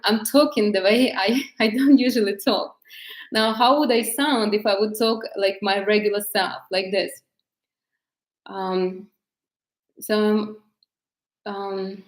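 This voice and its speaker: Woman, femininity coach, casual talk to camera, hesitant fillers, mid-pitched voice, roomy echo. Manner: hesitant, many fillers and restarts, gentle explaining tone.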